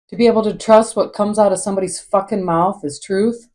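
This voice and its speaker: A woman's voice: mid-range voice, fairly even intonation, a little fast, few pauses, darkish tone. A woman hosting her own podcast, talking alone in a candid, rambling way and swearing freely. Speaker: podcast host. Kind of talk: casual solo monologue.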